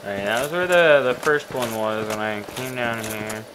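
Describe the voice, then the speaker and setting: A man commentating his own gameplay in a casual let's play, swinging between quiet mumbles and excited yelps. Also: on the low side, normal speed, noisy background. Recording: loud game sounds behind voice.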